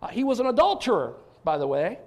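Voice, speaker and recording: A male pastor preaches with a lively, high-pitched voice that leaps all over the place. He talks in an animated way, repeating words as he restarts and throwing rhetorical questions out to his congregation. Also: fast talker. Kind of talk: sermon.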